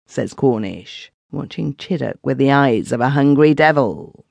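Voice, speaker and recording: A man's voice: mid-range voice, lively intonation, measured pace, creaky, hardly any pauses, a little mellow, dry recording. A man narrating a first-person story for an audiobook in a dramatic storytelling manner, on a close studio microphone.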